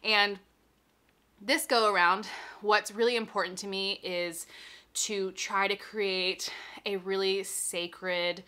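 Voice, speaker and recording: A woman's voice: medium pitch, steady tone, slow pace, bright, forceful tone, smooth. A young pregnant woman, a little out of breath, casually explaining and reassuring as she answers viewer questions.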